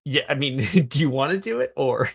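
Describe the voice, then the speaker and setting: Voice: medium pitch, very animated, normal speed, vocal fry, breathy edge. A game master narrating a tabletop game, rambling with many fillers and casual swearing.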